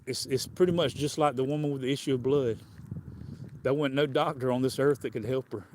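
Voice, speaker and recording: A man with a Southern US accent delivers a livestreamed sermon. His talk is folksy and plainspoken, full of casual grammar, with phrases he circles back to and repeats. His voice sits at an everyday middle pitch. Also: a little fast, a little mellow, a little hiss or hum. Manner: folksy, colloquial, repeats and restarts. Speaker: preacher.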